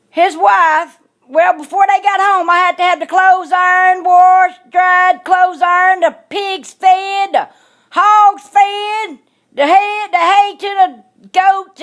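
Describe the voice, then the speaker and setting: High-voiced, outspoken woman. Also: fairly bright tone. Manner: blunt, emphatic, repeats herself for stress. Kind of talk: emotional storytelling monologue.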